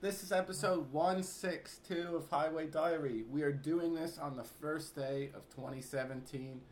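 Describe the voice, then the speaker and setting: A man hosting a podcast, chatting casually with quick asides. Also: fairly high pitch, steady tone, slight background noise. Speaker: podcast host.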